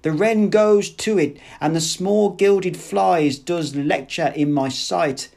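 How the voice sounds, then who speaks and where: A man reading aloud, voicing an enraged young man who shouts and recites verse in a rhythmic rant. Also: high voice, slow pace, vocal fry, pitched above the performer's own voice, heavily acted. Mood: raving.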